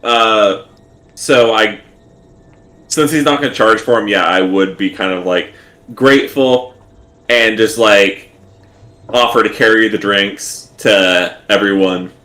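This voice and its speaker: A man's voice: on the low side, slow pace, long pauses, a bit bright, reverberant. A man playing a tabletop game, describing his character's actions hesitantly and with many fillers. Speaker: player. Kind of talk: tabletop role-play.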